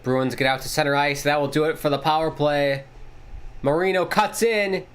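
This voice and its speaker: A man hosting a casual live watchalong, calling the play-by-play excitedly and swearing casually. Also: normal speed, smooth. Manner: excitable, jumps pitch on big plays, swears casually. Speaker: watchalong host.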